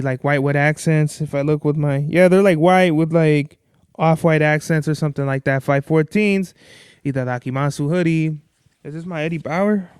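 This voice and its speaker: A man's voice: a little high, clean tone, no echo, clean studio sound. A young man hosting a podcast on his own, talking casually in a rambling, profane way. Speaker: podcast host. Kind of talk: casual solo podcast talk.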